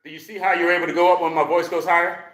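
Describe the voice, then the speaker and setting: A man leading a live exercise class for seniors, counting reps loudly, joking and coaxing the class along. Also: high-pitched, flat delivery, racing, heavy background noise. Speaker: senior fitness instructor. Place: exercise room. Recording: echoey room.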